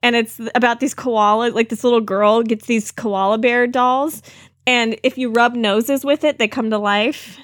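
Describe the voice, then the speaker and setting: A high-voiced woman chats casually on a podcast and giggles often. She slips into silly cartoon impressions. The sound is dry and close to the mic. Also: steady tone, moderate pace, no room sound. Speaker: podcast co-host. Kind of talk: casual chat.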